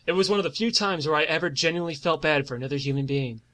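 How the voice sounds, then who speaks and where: Talking rapid-fire in a fairly high voice, a man in his twenties relates a comic personal story on a podcast. He's energetic and foul-mouthed, every so often launching into exaggerated, dramatic singing.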